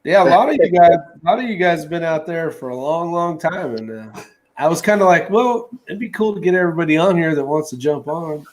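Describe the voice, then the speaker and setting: A man's voice: a little high, lively intonation, a little fast, rough recording. A man hosting a casual live stream, welcoming guests and reading chat comments aloud.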